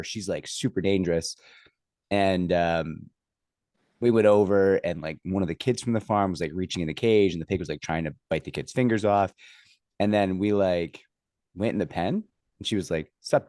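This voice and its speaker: A man's voice: deep voice, a little mellow, clear, resonant tone, dry recording, clean studio sound. A man hosting a casual chat, rambling with many fillers and restarts. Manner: acts out others' lines when telling a story.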